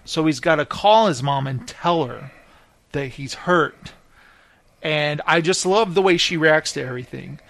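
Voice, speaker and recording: A man's voice: fairly high pitch, a little slow, gravelly, no echo. A man hosting a podcast, animatedly retelling TV scenes in casual chat and laughing often. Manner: animated storyteller acting out quotes, laughs often. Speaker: podcast host. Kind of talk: casual chat recapping TV shows.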